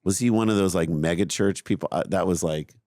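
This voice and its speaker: Low-voiced man telling a story. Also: brisk, no room sound, studio quality. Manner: animated storyteller, self-mocking. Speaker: podcast co-host. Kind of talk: casual chat, storytelling.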